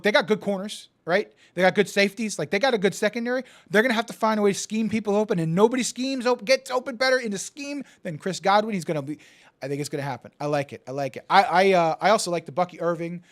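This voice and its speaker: A man co-hosting a casual sports betting chat, excitable and profane, often stammering and restarting, swinging from yelling to muttering. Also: sits high, fast. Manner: die-hard team fan, swings from yelling to muttering. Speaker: podcast co-host.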